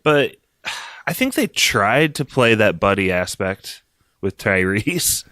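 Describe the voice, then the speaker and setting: A man with a fairly low voice hosts a casual movie podcast. He is jokey and laughs a lot as he keeps the talk moving. His voice sounds close and dry, with no room around it. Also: very animated, takes it slowly, pushed and bright, dry recording. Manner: jokey, laughs often, steers the discussion. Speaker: podcast host. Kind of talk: casual movie review chat.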